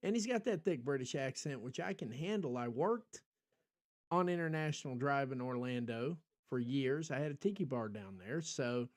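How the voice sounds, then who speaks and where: An American podcast host rambles through casual chat on a livestream, stumbling over ums and restarts while responding to viewers in the chat. His mid-range voice has lively intonation and a moderate pace.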